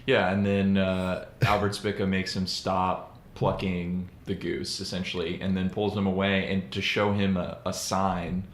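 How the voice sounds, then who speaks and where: A man's voice: low voice, little pitch movement, measured pace, hardly any pauses. A man co-hosting a podcast, casually recapping a film scene by scene with lots of fillers. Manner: rambling recap with fillers and laughs. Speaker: podcast co-host. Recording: roomy echoey room with faint noise.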